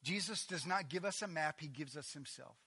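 A man preaching a sermon as pastor, talking conversationally with quick asides, swinging from loud emphatic lines to hushed, near-whispered ones. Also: on the high side, slightly rough.

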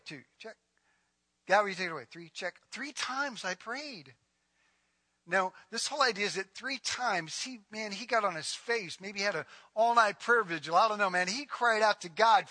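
A male pastor preaching a sermon in an animated, conversational way with casual asides. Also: extremely high pitch, no room sound.

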